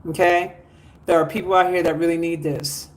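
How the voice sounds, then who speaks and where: A man's voice: a little high, level tone, normal speed. A man hosting a spiritual livestream, reading out viewer comments and urging people to like, share and donate. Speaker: spiritual teacher.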